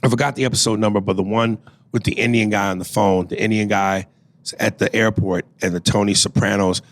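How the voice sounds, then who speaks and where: His lowish voice holds a steady tone at a brisk pace, recorded without echo. As a podcast co-host, he reads out listener emails casually, cracking jokes, swearing, and laughing.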